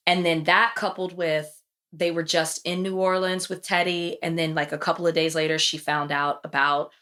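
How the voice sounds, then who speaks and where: A woman hosting a podcast, retelling TV episodes in casual chat and acting out the quotes. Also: normal speed. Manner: animated storytelling, acts out quotes with big pitch jumps. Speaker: podcast host.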